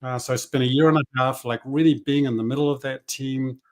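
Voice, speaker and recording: A man's voice: mid-range voice, fairly even intonation, quick pace, darkish tone. Middle-aged New Zealand man, easygoing. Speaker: guest, business coach. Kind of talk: casual podcast interview.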